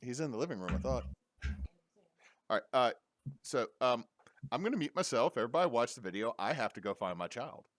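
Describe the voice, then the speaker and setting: A man's voice: mid-range voice, animated, a little fast, pauses often, fairly bright tone, dry recording, studio quality. A young adult man talking casually from home over a call mic, recommending films with enthusiastic jokes. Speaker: podcast co-host. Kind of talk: casual chat. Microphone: remote call mic.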